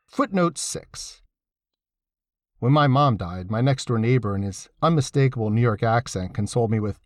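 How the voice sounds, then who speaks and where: Wry man reading an essay, husky. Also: medium pitch, moderate pace, no echo, studio quality. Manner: wry, sardonic asides; lively, emphatic delivery. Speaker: essay reader.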